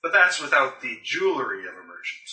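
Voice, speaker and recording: Bright-voiced game master, far off. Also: male voice, a little high, sing-song, fairly quick. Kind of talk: running a tabletop game. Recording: echoey room, mic far off.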